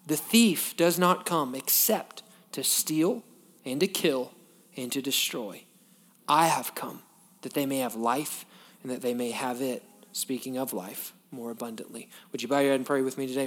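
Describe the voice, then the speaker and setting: Man preaching a sermon. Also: moderate pace. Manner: reads scripture aloud, then explains it to the congregation; drops to a soft, low voice in prayer. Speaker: pastor. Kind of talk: sermon with scripture reading and prayer.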